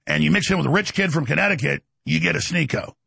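Angry talk host guy, gravel voice, kinda high, dry room sound. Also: expressive, fast, no room sound. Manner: combative, blustering, loud bursts. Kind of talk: heated talk show rant.

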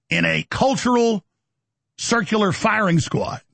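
A middle-aged man, hosting a heated, mocking monologue and often shouting. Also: sits high, measured pace, creaky, no echo. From Texas. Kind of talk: ranting monologue.

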